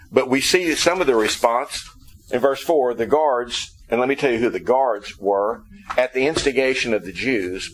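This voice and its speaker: A man's voice: medium pitch, poor audio. Man preaching a Sunday sermon. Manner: conversational, explains Greek word meanings. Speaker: pastor.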